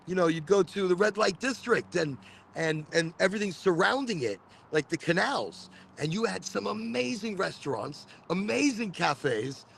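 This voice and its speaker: A man's voice: high-pitched, gravelly, fairly bright tone, breathy edge. A man hosting a live cannabis podcast, chatting casually and rambling, often repeating words as he tells stories. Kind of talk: casual livestream chat. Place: Florida.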